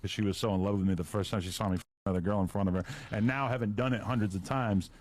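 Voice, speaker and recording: A man speaking in casual chat, relaxed and matter-of-fact. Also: fairly low pitch, rapid-fire. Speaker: podcast host.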